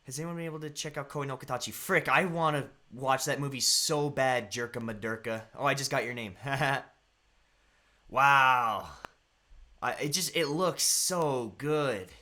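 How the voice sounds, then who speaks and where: A man's voice: mid-range voice, normal speed, hardly any pauses, pushed and bright. A young man hosting a live stream, chatting casually and greeting viewers by name in a rambling way. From United States.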